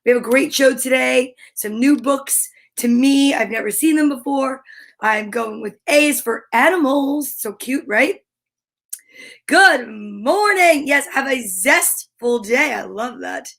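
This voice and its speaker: A woman hosting a livestream story time, chatting excitedly and greeting viewers by name. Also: sits high, takes it slowly, gravelly. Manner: bubbly and excitable, reads out viewer comments.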